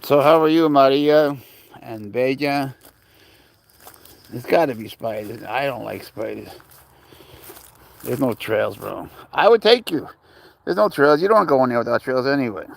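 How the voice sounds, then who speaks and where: A man's voice: mid-range voice, measured pace, vocal fry, long pauses. A man rambling casually on a live stream from an outdoor park, greeting viewers and talking to his cat through a handheld phone. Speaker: livestream host.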